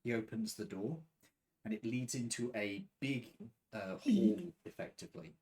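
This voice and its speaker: A man's voice: medium pitch, very animated, normal speed, darkish tone. A man narrating a tabletop game as game master, describing scenes with the odd filler.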